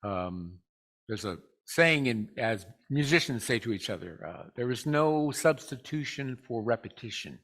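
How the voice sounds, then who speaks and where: A man giving a Sunday talk to a spiritual community. He tells a personal story in a relaxed, rambling way, stops often on "uh", and speaks directly to the congregation. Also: medium pitch. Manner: relaxed, rambling, with frequent "uh" pauses.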